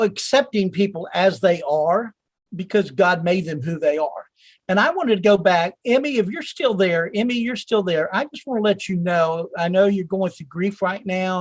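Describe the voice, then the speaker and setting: A man's voice: high-pitched, moderate pace, no echo. A man hosting a call-in session who talks to callers by name in an encouraging, rambling way. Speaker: host.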